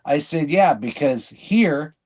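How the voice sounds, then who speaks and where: A man with a slightly high voice talks in casual podcast chat. He is blunt and rambling, cutting himself off and restarting mid-sentence. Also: animated, slow, darkish tone. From living in Michigan. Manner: rambling, blunt, self-interrupting. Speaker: podcast co-host.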